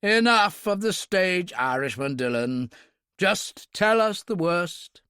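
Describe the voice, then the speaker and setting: A man's voice: high voice, animated, slow pace, bright, forceful tone, smooth, dry recording, voice pushed up, heavily acted. A man voicing a weary, commanding older British brigadier in an audiobook, exasperated and dry.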